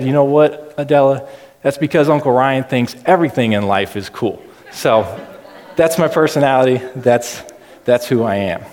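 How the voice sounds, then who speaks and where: A man giving a casual, chatty sermon in a low-key, self-deprecating way. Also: a little mellow. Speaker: preacher. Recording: reverberant hall.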